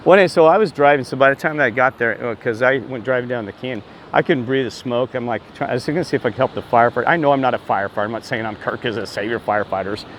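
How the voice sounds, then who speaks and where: Excitable rambling man talking outdoors near traffic. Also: mid-range voice, rapid-fire, few pauses. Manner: excitable, meandering, repeats exclamations of disbelief. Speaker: self-described street minister. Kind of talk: rambling casual vlog storytelling.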